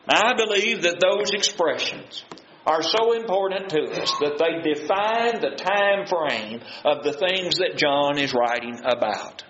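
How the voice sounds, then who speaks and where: A man's voice: on the high side, animated, a little slow, pushed and bright. Earnest preacher man, roomy dull recording. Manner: earnest, asks the audience questions and answers them; plain, folksy paraphrase of scripture. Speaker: preacher teaching a Bible study. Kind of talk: sermon-style Bible teaching. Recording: roomy, dull sound with faint noise.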